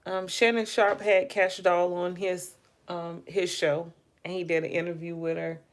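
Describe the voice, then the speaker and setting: Slow, low-voiced woman chatting on a livestream. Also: little pitch movement. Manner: chatty, muses aloud, addresses viewers directly. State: yawning, tired. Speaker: livestream host. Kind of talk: casual live gossip commentary.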